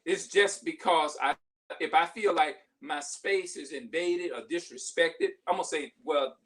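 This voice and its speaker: A man's voice: a little high, unhurried, a bit bright, distant mic, rough recording. A man in his forties talking passionately to camera in a casual vlog monologue, emphatic, often restarting his sentences. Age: 40s. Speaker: vlogger.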